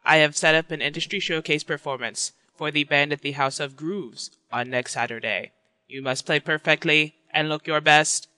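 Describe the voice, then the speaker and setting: Casting: a man as a crisp, bright, formal record manager in a stage play. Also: fairly high pitch, dry recording. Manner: formal, clipped. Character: stiff, formal male music-industry manager.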